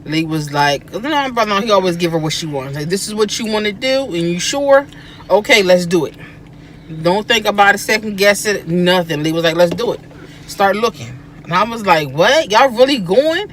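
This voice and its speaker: Woman, casual family storytelling, animated, acts out quotes, in a car, faint noise. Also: medium pitch, fairly quick. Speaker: guest, host's sister. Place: inside a car.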